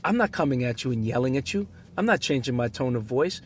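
A man co-hosting a casual podcast conversation, an animated storyteller who acts out the people he quotes. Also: mid-range voice, quick pace, husky. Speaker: podcast co-host, basketball referee.

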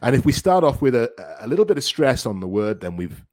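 A man hosting a podcast English lesson, encouraging his student and repeating words slowly to practise pronunciation. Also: medium pitch, big pitch swings, a little mellow, no room sound, clean studio sound. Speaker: English teacher and podcast host.

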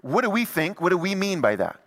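A middle-aged man delivers a sermon in a church sanctuary, hammering points home through repetition. His voice sits high and bright for a man. A long hall reverb trails every phrase. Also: sing-song, a little fast. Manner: emphatic, repetitive preaching with rising intensity. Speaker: pastor.

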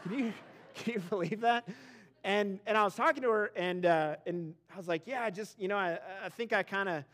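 A man's voice: sits high, a little fast, a bit bright. A man preaching a sermon as pastor, conversational and self-deprecating, moving into an earnest prayer.

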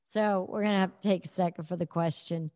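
A woman's voice: fairly low pitch, steady tone, a little fast, darkish tone, no room sound, studio quality. A woman hosting a session, chatting casually and reading audience questions aloud. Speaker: host moderating questions. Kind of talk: casual moderation.

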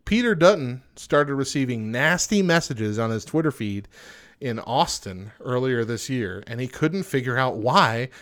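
Smooth-voiced man hosting a chat show. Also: mid-range voice, expressive, a little slow, fairly bright tone. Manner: reads facts aloud then jokes. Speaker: podcast host. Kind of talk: casual chat reading odd news.

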